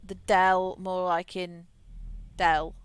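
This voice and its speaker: A woman's voice: on the low side, little pitch movement, slow pace, clean tone, no echo. A woman streamer chatting casually while gaming, self-deprecating and laughing often, with frequent restarts. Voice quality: had a childhood stutter, frequent restarts.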